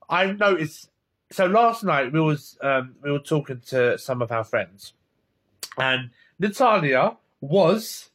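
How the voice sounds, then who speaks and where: A man's voice: fairly high pitch, a bit bright, husky. A man with a Cockney accent from East London, co-hosting a casual podcast chat, bantering and teasing. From East London, England. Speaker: podcast co-host.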